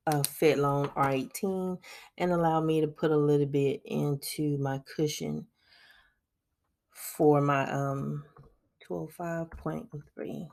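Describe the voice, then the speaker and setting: With a deep, slightly mellow voice touched by vocal fry, a budgeting vlogger chats casually while going over her monthly budget on screen. She keeps saying "y'all" to her viewers and laughs often along the way.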